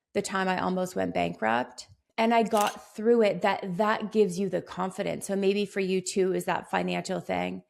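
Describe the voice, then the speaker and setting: A woman's voice: mid-range voice, gravelly. A woman podcast host and business coach telling personal stories in a motivational solo monologue, acting out the lines of people in them. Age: 30s. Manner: warm storytelling, motivational, acts out quoted dialogue.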